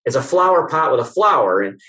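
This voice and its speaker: A man's voice: mid-range voice, a little fast. A middle-aged chiropractor being interviewed, telling anecdotes casually, acting out the dialogue he quotes and joking with some mild swearing. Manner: lively anecdotal storyteller, acts out the dialogue he quotes; swears casually and laughs at his own stories. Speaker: chiropractor guest. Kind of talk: casual storytelling in a podcast interview.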